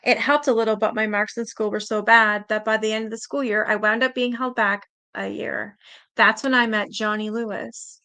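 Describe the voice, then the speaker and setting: A woman's voice: medium pitch, steady tone, moderate pace, pushed and bright. A woman hosting her channel, reading letters aloud as a story, reading steadily and sometimes stumbling over words. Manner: reads steadily, stumbles on words, breaks in with blunt reactions. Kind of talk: storytelling reading with spoken asides.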